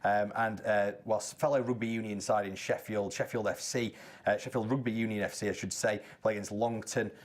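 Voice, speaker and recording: A man's voice: fairly low pitch, fairly even intonation, fairly quick, few pauses. A man presenting a local TV sports round-up in a chatty way, with joking asides between results.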